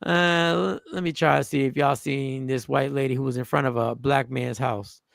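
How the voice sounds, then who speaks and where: A man's voice: medium pitch, steady tone, moderate pace, creaky, fairly bright tone, dry recording, studio quality. A man hosting a casual commentary show, talking bluntly and emphatically, with occasional swearing. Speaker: show host.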